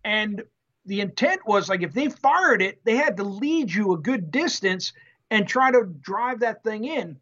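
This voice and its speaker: A former Marine telling an animated story in an interview, acting out the quotes with salty language. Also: male voice, high-pitched, a little slow, highs cut off. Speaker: guest, former Marine tank driver.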